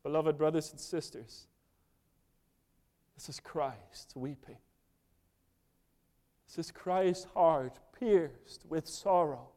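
An earnest man preaching from the pulpit, his fairly high voice carrying a mellow, dark tone. He drops to near-hushed passages, then rises with urgency. His words ring out into the long reverb of a large church hall. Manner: earnest, moving between hushed and raised passages. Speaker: pastor. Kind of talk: sermon.

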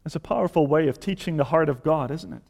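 A man's voice: fairly high pitch, fast, vocal fry, darkish tone, long reverb tail. A man preaching a sermon with impassioned, rising appeals to his listeners.

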